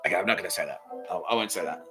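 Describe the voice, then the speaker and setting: A man hosting a comedy podcast, telling a rambling, profane story that swings between loud outbursts and muttered asides. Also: low-pitched, rapid-fire, music in the background, rough recording. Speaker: podcast host.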